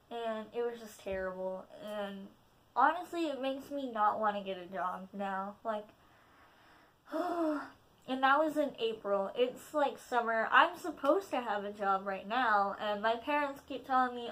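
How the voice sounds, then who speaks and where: A woman's voice: medium pitch, measured pace, fairly bright tone. Rambling teen girl vlogger. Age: teens. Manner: rambling with many fillers, self-deprecating. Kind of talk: casual storytime vlog.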